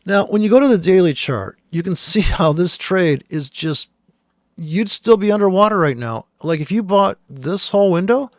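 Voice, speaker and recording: A man's voice: high-pitched, lively intonation, normal speed, dry recording, studio quality. A man who trades, walking through charts on screen in blunt, profane, exasperated commentary.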